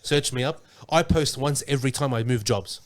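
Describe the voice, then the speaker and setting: A man's voice: mid-range voice, moderate pace. A young man chatting casually on a podcast, playful and mock-boastful, laughing as he tells stories. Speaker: podcast guest co-host. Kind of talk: casual chat.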